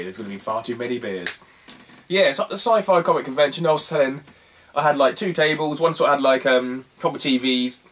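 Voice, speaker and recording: A man's voice: medium pitch, fairly bright tone, distant mic. A young man chatting casually about his retro game finds, rambling with lots of fillers and frequent laughter. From England. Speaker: retro game collector vlogger. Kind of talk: casual chat.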